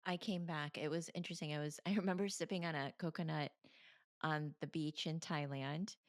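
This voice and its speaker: Low voiced woman telling her story, laughs a lot, gets animated, close dry mic. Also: brisk, no echo. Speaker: guest, meditation coach. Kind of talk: candid storytelling interview.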